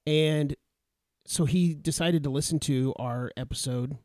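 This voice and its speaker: A man's voice: on the high side, measured pace, darkish tone, no echo, studio quality. A man co-hosting a sports podcast who tells a story in a rambling way, with lots of fillers, restarts and laughter. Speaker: podcast co-host. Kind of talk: casual sports banter, storytelling.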